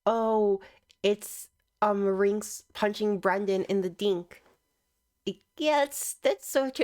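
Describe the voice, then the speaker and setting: A young woman giving casual, teasing reaction commentary on online clips, sarcastic and quick to laugh. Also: medium pitch, a little mellow.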